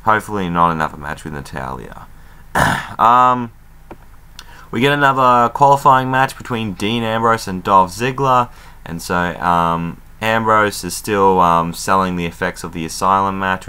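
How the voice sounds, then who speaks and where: Deep-voiced man, chatty fan recap. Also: clean tone. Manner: loose and chatty, lots of fillers and swearing; excitable fan. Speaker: wrestling show reviewer. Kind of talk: casual spoken recap.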